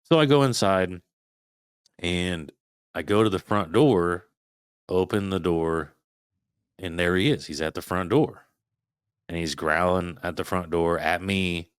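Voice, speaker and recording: Deep-voiced guy on a podcast, cussing his way thru a creepy story, dry sound. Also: unhurried, pauses often, clean tone, dry recording. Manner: swearing, animated retelling of a scary night. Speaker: podcast guest. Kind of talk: casual storytelling.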